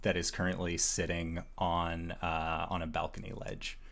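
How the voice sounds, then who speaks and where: A man narrating a tabletop game as game master, measured and pausing often with "uh". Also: low voice, flat delivery, creaky, fairly bright tone. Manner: slow, measured, with frequent "uh" pauses.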